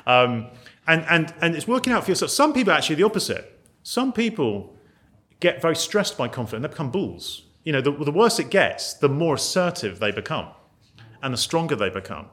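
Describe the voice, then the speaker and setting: A man's voice: fairly high pitch, sing-song, a little fast, a bit bright. A British man giving a conversational teaching talk on ministry to a group in a meeting room. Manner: conversational, acts out quoted voices. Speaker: ministry trainer.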